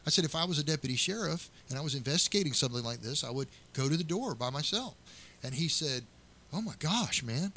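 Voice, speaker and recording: Earnest bright-voiced sheriff. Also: male voice, on the high side, lively intonation, quick pace, a little hiss or hum. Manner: earnest, storytelling with many restarts. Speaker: county sheriff. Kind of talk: interview answers.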